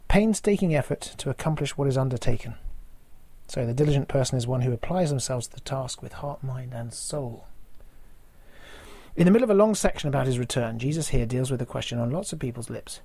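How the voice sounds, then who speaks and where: Husky, mellow preacher in his forties. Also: mid-range voice, expressive, no room sound. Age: 40s. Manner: measured, poses rhetorical questions to the congregation. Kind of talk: sermon.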